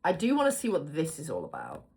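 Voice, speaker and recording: Woman, low voice, casual tarot reader, chatty and wandering. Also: wildly swooping pitch, quick pace, creaky, a little mellow. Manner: chatty, rambling asides, talks to herself while picking cards. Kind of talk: casual tarot reading to viewers.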